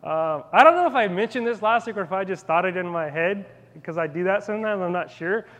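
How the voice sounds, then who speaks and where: Pastor, male, high-pitched, conversational and rambling delivery; sermon recorded in an echoing church hall. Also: expressive, fast talker, a bit bright, highs cut off. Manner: conversational, rambling asides with frequent restarts.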